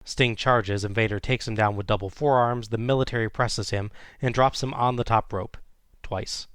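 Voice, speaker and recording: Guy with a lowish voice doing a casual wrestling recap, dry close sound. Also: steady tone, normal speed, a bit bright, smooth, no room sound. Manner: play-by-play recap with chuckles. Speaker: podcast host recapping wrestling.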